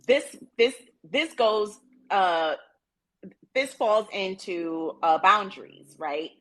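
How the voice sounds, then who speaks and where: A woman co-hosts a relationship podcast in an easygoing, slangy manner. Her voice is bright, and her pitch swings widely as she retells stories and puts herself in other people's shoes. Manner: animated storytelling with slang. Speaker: podcast co-host. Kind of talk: casual podcast chat.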